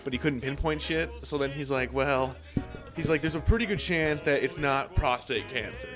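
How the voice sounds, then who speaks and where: A man's voice: medium pitch, normal speed, over music. A young man telling a long story in casual chat, swearing often and acting out what others said. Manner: profane, animated storytelling with acted-out quotes.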